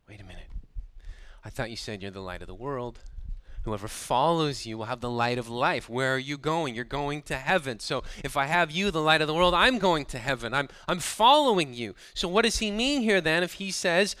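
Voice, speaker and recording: A man delivers a sermon with a bright, forceful voice and crisp, resonant clarity. He builds emphasis and slips into sarcastic asides, recorded dry and close. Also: on the high side, lively intonation, normal speed, no room sound. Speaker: pastor.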